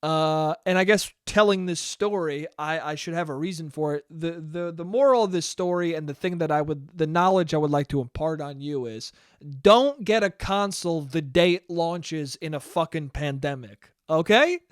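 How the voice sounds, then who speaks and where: A man's voice: on the high side, normal speed, clear, resonant tone, dry recording, clean studio sound. A man hosting a casual solo podcast who tells stories with heavy swearing, laughs often, and mocks himself. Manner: profane, self-mocking, laughs often. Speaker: podcast host.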